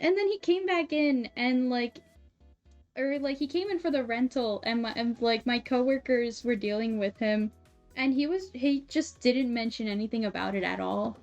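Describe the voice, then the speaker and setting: Young woman streamer, high-ish voice, animated casual storyteller, laughs a lot, faint music bed. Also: unhurried, pauses often, lo-fi sound. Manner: animated, laughing often, many "like" fillers. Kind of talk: casual storytelling while sewing. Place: home streaming setup. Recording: soft music behind.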